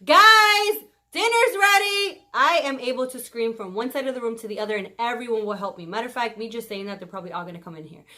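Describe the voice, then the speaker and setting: Woman vlogger, slightly high voice, loud and passionate, quick to laugh. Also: steady tone. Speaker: vlogger giving marriage advice. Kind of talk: casual advice vlog to camera.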